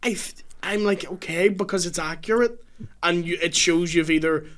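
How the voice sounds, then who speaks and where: A young man on a podcast as a guest, talking in a blunt, animated way and swearing freely. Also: high voice, moderate pace. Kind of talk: casual podcast chat.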